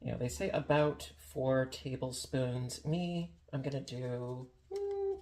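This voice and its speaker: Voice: medium pitch, measured pace, a little mellow, a little hiss or hum. A home baker chatting casually in a kitchen while demonstrating a recipe, playful and full of jokey asides. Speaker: home baking vlogger.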